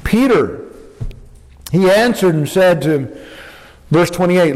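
A man preaching a sermon, animated and acting out the quotes he reads. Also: takes it slowly, pauses often. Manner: animated, acting out quotes with big pitch jumps. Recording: long hall reverb.

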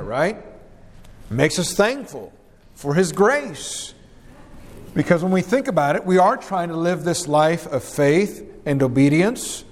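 A man preaching an earnest, measured sermon and reading scripture aloud. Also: on the high side, in a large hall.

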